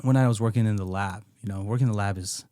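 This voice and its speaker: A man's voice: fairly low pitch, rapid-fire, mellow, dry recording, clean studio sound. A young man casually telling a story on a podcast, acting out the quotes and laughing often. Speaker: podcast guest, comedian.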